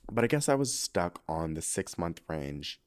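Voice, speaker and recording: A young man with a low-pitched voice hosts a podcast in a loose, camp, expletive-peppered chat. His voice swings widely up and down as he tells stories and reads a listener's letter, often near tears. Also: moderate pace. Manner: animated, camp, swears freely, gets emotional while reading. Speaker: podcast host.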